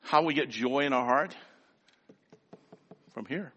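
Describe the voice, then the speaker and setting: A man's voice: mid-range voice, slow pace, a bit bright, long reverb tail, highs cut off. An older man preaching a sermon in a folksy, rhythmic way, with lots of repetition. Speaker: pastor.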